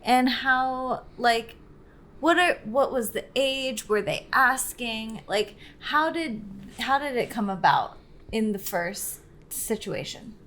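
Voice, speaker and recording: A young woman co-hosting a podcast, asking questions in a curious, animated way. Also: fairly high pitch, slow, a little hiss or hum. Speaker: podcast co-host. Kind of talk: casual chat.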